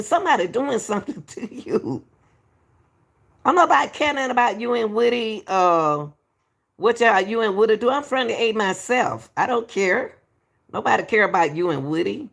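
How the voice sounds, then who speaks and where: Woman, gravelly voice, reaction commentary, repeats herself, says baby. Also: fairly high pitch, expressive, normal speed. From Atlanta, US. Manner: repetitive, emphatic, calls people baby. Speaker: YouTube commentator.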